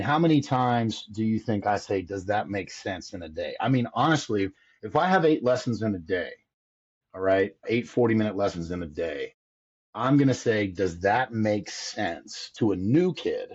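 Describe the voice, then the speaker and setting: A man's voice: fairly low pitch, darkish tone, breathy edge, lo-fi sound. A man who teaches hitting, talking in a casual interview with an emphatic, explaining manner. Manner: emphatic, explains with repeated phrasing. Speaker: hitting instructor, podcast guest.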